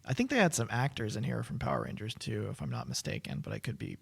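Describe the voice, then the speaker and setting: A man's voice: lowish voice, wildly swooping pitch, fast talker, vocal fry, husky. A man in his late twenties co-hosting a casual podcast, joking and rambling with many restarts. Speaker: podcast co-host. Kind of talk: casual chat.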